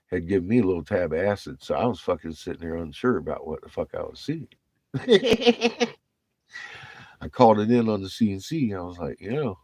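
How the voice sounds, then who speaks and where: Profane rambling man with a deep husky voice. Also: warm tone, dry recording. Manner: profane, rambling, laughing often. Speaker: vlogger telling navy stories. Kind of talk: rambling casual storytelling.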